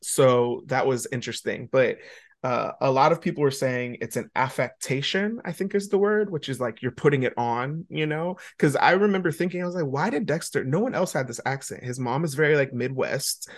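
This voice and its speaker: A man's voice: medium pitch, fairly quick. A man co-hosting a podcast in casual chat, rambling along with lots of ums and uhs. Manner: chatty and rambling, with many fillers. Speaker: podcast co-host.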